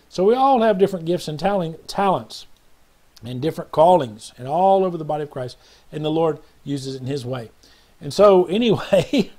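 Man, preacher, high voice, mellow tone, earnest, rambling sermon. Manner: earnest, rambling, preachy, acts out quotes in a parable. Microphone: webcam or phone video.

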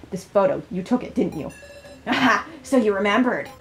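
A young woman streams a horror visual novel in a high, bouncy voice that swoops up and down. She startles easily and laughs through her commentary. She also chatters back at the on-screen characters. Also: huge pitch swings, moderate pace, fairly bright tone, faint music behind. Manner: jumpy, laughs often, talks back to characters. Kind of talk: let's play commentary.

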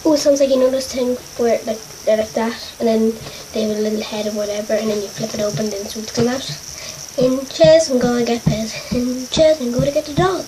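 A woman's voice: a little high, steady tone, fairly quick. A woman vlogging casually, spelling out words letter by letter in a chatty, self-mocking way. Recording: noisy home recording.

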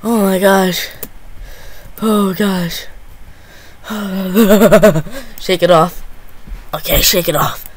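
Excitable slow-talking male gamer. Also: sits high, a little hiss or hum. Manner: excitable, lots of gasps and repeated exclamations. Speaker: gaming channel host. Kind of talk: live gameplay commentary.

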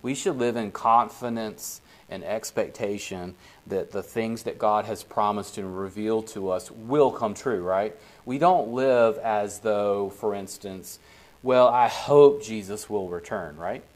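A man leading a casual Bible study, talking in a conversational way and often checking in with the group. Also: lowish voice.

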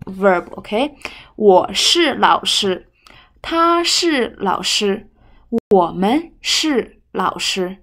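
A woman teaching Mandarin, explaining grammar and tones patiently and checking "okay?" after each point. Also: medium pitch. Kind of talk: language lesson explaining grammar.

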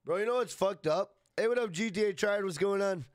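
A relaxed man chats through a game live stream, greeting viewers one by one and cursing freely. His voice sits a little high. The sound is dry and close, with no room echo. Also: fairly quick. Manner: laid-back, swears freely, greets chatters by name. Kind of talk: casual live-stream chat.

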